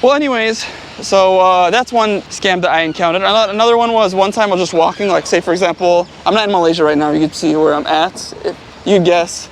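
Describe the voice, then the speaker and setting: A man's voice: sits high, fairly quick, slight background noise. A man vlogging as he walks along a city street, telling stories casually and rambling with lots of fillers. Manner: rambling, heavy on fillers like "like" and "you know". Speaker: travel vlogger. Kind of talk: casual storytelling. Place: outdoors on a city street, walking.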